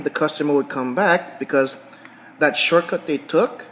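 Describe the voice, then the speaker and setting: A man's voice: on the high side, normal speed, a bit bright, a little hiss or hum, poor audio. A middle-aged man talking casually in a vlog while eating, often repeating words and restarting phrases as he tells a story. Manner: talks while chewing food. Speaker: vlogger.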